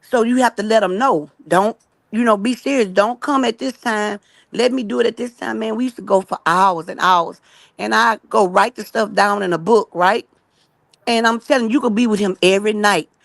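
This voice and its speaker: A woman giving a rambling, earnest religious testimony, talking fast and emphatic and keeping listeners in with "right?" and "y'all". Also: mid-range voice, creaky, dry recording. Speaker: guest telling her story.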